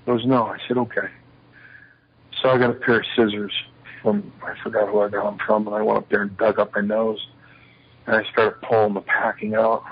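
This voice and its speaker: A lower-pitched older man with a husky, breathy edge spins stories about his past and acts out the lines of the people in them. The recording is a little muffled and lo-fi. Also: fairly quick. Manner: animated storyteller acting out quoted dialogue. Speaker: interview guest. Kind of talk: shoot interview storytelling. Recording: slightly muffled lo-fi interview audio.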